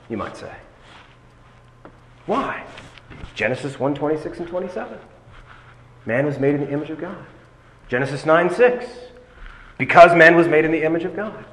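A man's voice: on the high side, animated. Man preaching in an echoing hall. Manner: deliberate, emphatic, stretches key phrases slowly. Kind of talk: expository sermon. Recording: long hall reverb.

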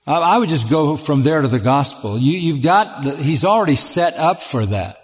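A man's voice: on the high side, expressive, moderate pace. An older man, a pastor answering questions in a sermon-style talk, speaking earnestly and with emphasis, often repeating words as he starts a thought. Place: church auditorium. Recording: long reverb of a large hall.

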